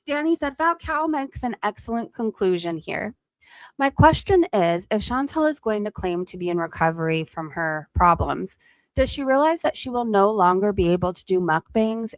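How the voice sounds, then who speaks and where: A woman's voice: mid-range voice, expressive, normal speed, no room sound. A woman hosting a casual livestream commentary, chatty and loose, with lots of "um" and "like". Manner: chatty, with frequent fillers like "um" and "like".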